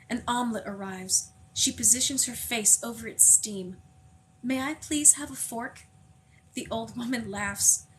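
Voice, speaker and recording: A woman reading a novel aloud in a measured, unhurried way, slowing on vivid passages. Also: on the high side, fairly bright tone, slight background noise, poor audio. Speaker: audiobook reader.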